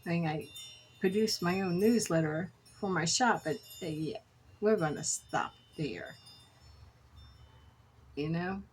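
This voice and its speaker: A woman's voice: on the low side, expressive, slow pace, long pauses, darkish tone, a little hiss or hum, poor audio. A middle-aged woman chatting casually while making beaded jewelry, telling rambling stories with self-corrections. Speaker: jewelry crafter. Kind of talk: casual crafting vlog chat.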